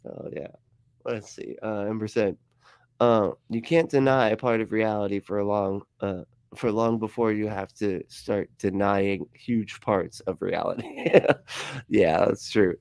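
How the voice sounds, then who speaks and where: A man hosting a casual livestream chat, talking quickly and with energy, laughing and swearing often and jumping into mocking voices when he quotes people. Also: fairly low pitch, fairly even intonation, creaky, a little mellow, dry recording, studio quality. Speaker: livestream host.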